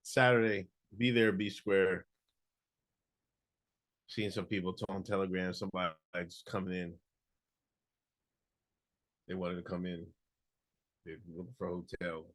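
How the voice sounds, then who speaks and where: A man's voice: low-pitched, little pitch movement, normal speed, pauses often, no echo. A man co-hosting a podcast in casual, laid-back chat, giving short replies and plugging the show. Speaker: podcast co-host.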